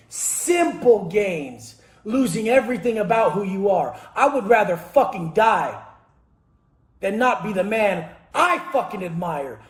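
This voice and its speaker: A man delivering a profane motivational monologue. He speaks intensely and forcefully, swears constantly and bursts into shouts. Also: very high-pitched. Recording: echoey room.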